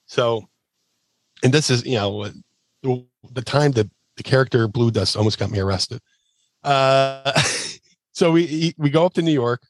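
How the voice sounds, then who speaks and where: A man's voice: mid-range voice, measured pace, long pauses, dry recording. A man telling a casual anecdote as a guest, rambling with fillers and restarts and acting out quotes in shifting voices. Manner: animated storyteller, acts out quotes in shifting voices.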